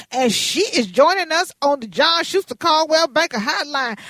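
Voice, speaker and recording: Animated woman in her fifties telling stories. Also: sits high, normal speed, few pauses, no echo. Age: 50s. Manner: animated, dramatic, playful storyteller. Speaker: radio host. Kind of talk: storytelling on morning radio.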